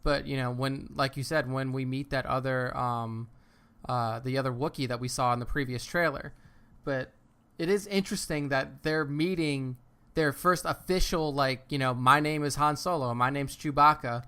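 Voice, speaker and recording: A man's voice: medium pitch, normal speed, fairly bright tone, clean tone. A man co-hosting a podcast, agreeable and hesitant, with many fillers and some swearing. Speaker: podcast co-host. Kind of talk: casual chat.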